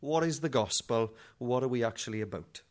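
A middle-aged man preaches a humorous, conversational sermon, shifting between quiet asides and loud, dramatic readings. His medium-pitched voice is animated and a little fast.

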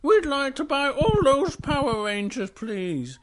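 A small bear cub squeaks along in an eager, polite, storybook voice, as a father acts him out. His voice jumps high and all over the place. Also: very animated, a little slow, full character voice.

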